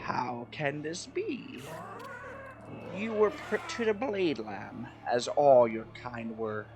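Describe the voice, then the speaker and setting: A man voicing a menacing ancient male villain in a game, reading his taunts slowly and theatrically. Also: medium pitch, lively intonation. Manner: slow, drawn-out theatrical reading.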